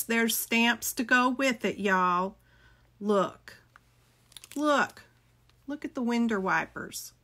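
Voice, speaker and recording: Slow, chatty woman. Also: on the high side, fairly bright tone. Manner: chatty, gushing, talks to viewers by name. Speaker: crafting video host. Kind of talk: casual chat showing a craft haul.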